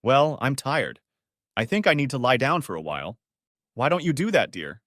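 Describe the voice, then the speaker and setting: A man voicing an evasive adult wife who speaks sweetly while hiding things, with his pitch lightly raised for her lines. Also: very animated, normal speed, a bit bright, dry recording, studio quality.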